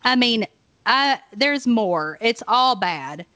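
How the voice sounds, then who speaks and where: A woman's voice: fairly high pitch, animated, takes it slowly, pushed and bright, no echo. A woman co-hosting a podcast in casual movie chat, giggling often and reacting with exclamations. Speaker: podcast co-host.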